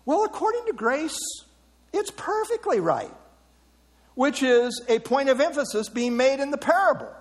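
A man's voice: very high-pitched, sing-song, moderate pace, long reverb tail. A man preaching a sermon, emphatic and rhetorical, repeating words for stress.

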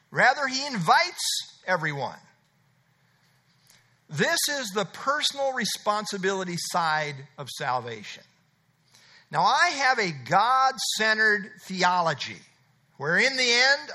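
Man, middle-aged pastor, high voice, very bright and forceful tone, emphatic repetition. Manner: emphatic, repeats key phrases, conversational asides. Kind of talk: expository sermon.

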